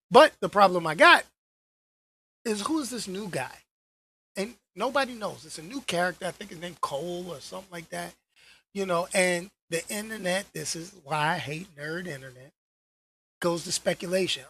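A young woman talking straight to her audience in a casual vlog rant about movie news, her husky voice swinging up and down a lot. She's slangy and animated, loves repeating a phrase for effect, and keeps throwing in exasperated asides. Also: on the low side, normal speed, no room sound. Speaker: vlogger.

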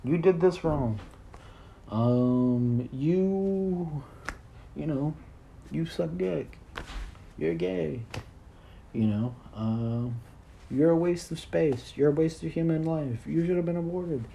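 A man voicing the harsh inner voice in his head, yelling insults. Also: on the high side, takes it slowly, gravelly, long pauses, a little hiss or hum, pitched above the performer's own voice. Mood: scornful. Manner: taunting, yelling.

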